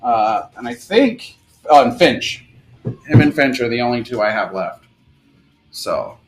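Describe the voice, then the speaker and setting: Male stream host, casual and profane, rattles off items fast with lively, upbeat pitch. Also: soft background music, low-quality recording. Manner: rapid-fire listing with excited outbursts and cursing. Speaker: live stream card seller. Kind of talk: casual live stream pack opening.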